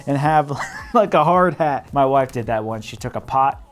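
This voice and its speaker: A man's voice: expressive, faint music behind. A man in his thirties with a Midwestern American accent, giving casual advice straight to camera in a playful way that often breaks into laughter. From Midwest, United States. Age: 30s. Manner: playful, laughing, quick swings in pitch and loudness. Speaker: realtor vlogger.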